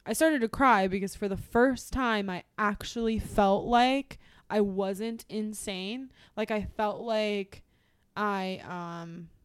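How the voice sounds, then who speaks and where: A young woman with a medium-pitched, clean voice co-hosts a podcast and shares a personal story in casual talk. She rambles, uses "like" heavily, and keeps restarting.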